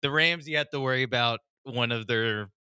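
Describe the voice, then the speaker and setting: A man's voice: medium pitch, normal speed, pushed and bright, smooth, no room sound, clean studio sound. A man co-hosting a sports radio show, casually running through team schedules with chuckles.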